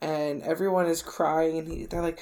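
A woman's voice: low-pitched, flat delivery, normal speed, darkish tone. Enthusiastic blunt-talking woman. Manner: enthusiastic, blunt, swears freely. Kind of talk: casual movie discussion.

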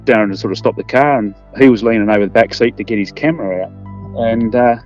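A man's voice: fairly low pitch, quick pace, darkish tone. A man recounting what he saw in an interview, hesitant, with many fillers. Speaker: interviewee, eyewitness. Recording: dull lo-fi sound, faint music.

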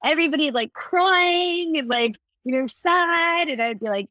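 A woman guest on a podcast, telling personal stories in casual conversation, animated and quick to laugh. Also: high-pitched, no room sound. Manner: animated storyteller, laughs often.

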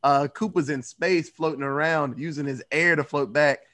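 A man with a slightly raised voice rambles through a movie recap in casual, profane talk. He slips in quick acted-out lines from the characters. Loose and conversational throughout. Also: on the high side, steady tone, fairly bright tone. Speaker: podcast panelist.

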